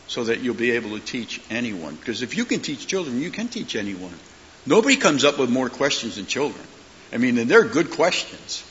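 A middle-aged male pastor preaching with a bright, forceful voice and acting out the people in his stories. The sound is dull and lo-fi, with a faint hiss. A long reverb hangs in the sanctuary. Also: mid-range voice. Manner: animated storyteller, acts out voices in his stories. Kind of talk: sermon.

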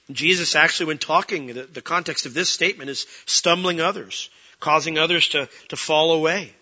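A man preaching a sermon as pastor, lively and acting out the people he quotes. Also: fairly high pitch, lo-fi sound. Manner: animated, acts out quoted voices.

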